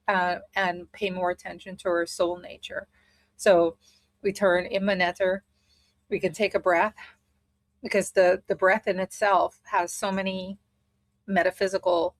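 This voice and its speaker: A woman's voice: lowish voice, no room sound. A woman teaching a spiritual study group in a casual way, thinking aloud as she explains a method step by step.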